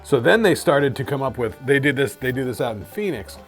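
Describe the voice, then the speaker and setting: A man's voice: mid-range voice, very animated, a little fast, faint music behind. Chatty man podcast co-host. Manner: chatty, explains at length. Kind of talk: casual banter.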